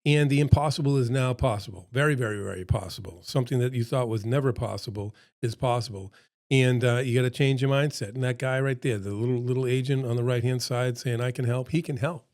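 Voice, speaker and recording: A middle-aged man runs a casual motivational seminar like a loose pep talk, circling back to hammer his points home. His voice is at an ordinary male pitch with a slightly froggy throat, a darkish tone, and a pace that runs a little fast.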